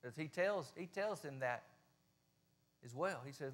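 A man with a Southern US accent delivers a sermon in a church, his voice sitting high for a man. He talks in a folksy, plain-spoken way, rising to loud stretches and then dropping to a hush. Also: expressive, moderate pace, pauses often, slightly rough. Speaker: preacher. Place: church sanctuary.

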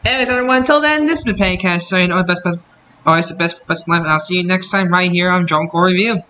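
A man's voice: sits high, fast, bright, forceful tone, a little hiss or hum. A young man hosting a reaction channel, ranting bluntly and repeating himself in exasperation. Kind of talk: casual reaction rant. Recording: echoey room with faint ambience.

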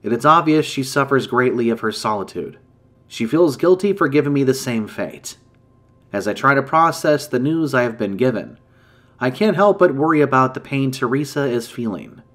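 A man narrating a scripted scary campfire story in a steady, measured way. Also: medium pitch.

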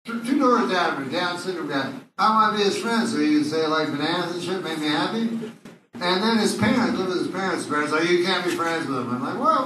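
A man doing a rambling, crude stand-up set with meandering asides, taped from the audience in a comedy club. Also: on the high side. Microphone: audience bootleg recording from far off. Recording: far-off echoey club bootleg with loud crowd. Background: loud audience laughter and noise.

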